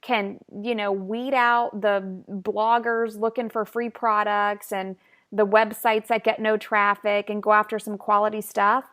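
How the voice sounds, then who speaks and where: A woman's voice: medium pitch, flat delivery, measured pace, a bit bright. A woman hosting a podcast, upbeat and explaining practical tips to her listeners. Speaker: podcast host. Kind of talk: casual podcast interview.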